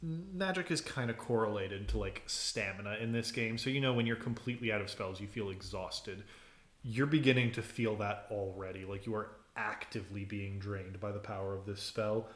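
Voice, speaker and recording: Man, game master, casual narration, low voice, echoey room. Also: moderate pace, fairly bright tone.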